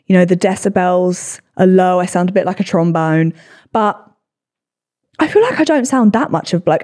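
A woman in her twenties with a low voice, hosting a solo podcast and reading comments with sarcastic, sweary, self-deprecating chat. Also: darkish tone. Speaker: podcast host.

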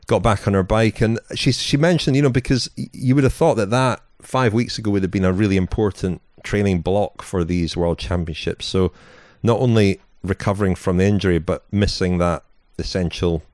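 In a low, darkish voice with few pauses and no room sound, a man co-hosting a podcast speaks at normal speed. His story wanders in casual chat, full of "you know"s and fresh starts.

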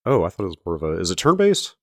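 A man with a very low voice chatting fast on a podcast, quick with game history but hedging his claims. He is recorded dry and close, with no room echo. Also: wildly swooping pitch. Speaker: podcast co-host. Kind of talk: casual chat about video games.

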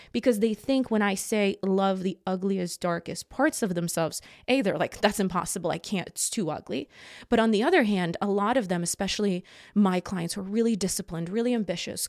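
Calm woman coach, dry close sound. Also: mid-range voice, dry recording. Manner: calm, explanatory, measured. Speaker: guest coach. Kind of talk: reflective podcast talk.

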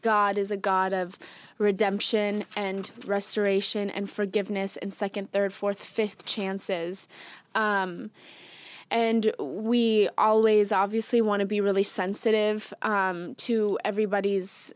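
A woman's voice: medium pitch, level tone, unhurried, no room sound. Woman co-host with a cough, earnest chat, dead-dry sound. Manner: earnest, with playful teasing. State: sick, coughing. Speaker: podcast co-host. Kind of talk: casual faith podcast chat.

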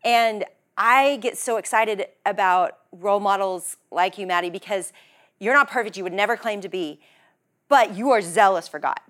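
A woman in her forties hosting a podcast, talking in an earnest, effusive way and quick to emotion. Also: medium pitch, fairly bright tone. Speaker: podcast host. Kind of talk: heartfelt conversation.

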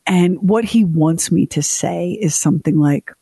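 A woman co-hosting a radio show, chatting and joking as she tells stories. Her voice is a little husky, and the sound is dry and close. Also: lowish voice, a little slow, mellow, no room sound. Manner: chatty, comedic storytelling with put-on quotes. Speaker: co-host. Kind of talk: casual radio chat.

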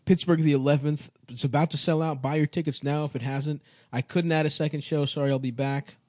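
A man's voice: a little high, steady tone, fairly quick, dark tone, no room sound, studio quality. A man hosting a comedy podcast, crude and joking as he rattles off his tour dates. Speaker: podcast host and touring comedian. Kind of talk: casual comedy podcast banter.

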